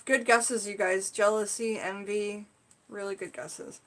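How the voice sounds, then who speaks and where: A woman's voice: mid-range voice, steady tone, measured pace, a bit bright. A woman talks casually on a live stream, teaching about spiritual topics. Her speech wanders, full of fillers like "like" and "you know", as she tells stories and asks her viewers to guess. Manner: chatty, rambling, frequent "like" and "you know". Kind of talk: casual livestream teaching and storytelling.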